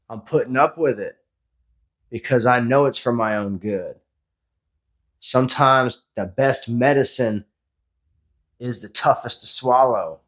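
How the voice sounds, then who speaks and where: This is a man in his forties with an average-pitched voice, delivering a blunt, profane motivational talk after a workout. He speaks as a fitness vlogger who coaches his viewers without sugarcoating anything. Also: measured pace, pauses often, a bit bright. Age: 40s.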